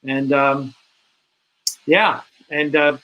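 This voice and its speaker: A man's voice: mid-range voice, steady tone, extremely slow, muffled recording. A man from the New York area, hosting a casual podcast chat with rambling, self-correcting answers. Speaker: host.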